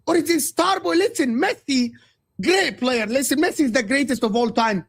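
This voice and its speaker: Man from egypt, high gravelly voice, fiery football rant, keeps repeating himself. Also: normal speed. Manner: passionate ranting, repeats his points. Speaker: guest football pundit. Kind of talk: heated football talk on a live stream.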